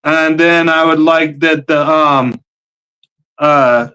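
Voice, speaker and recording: A man's voice: a little high, steady tone, sharp tone, clean tone, low-quality recording. A man speaking as a livestream guest, hesitant and full of fillers. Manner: hesitant, halting with many fillers. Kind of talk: casual chat.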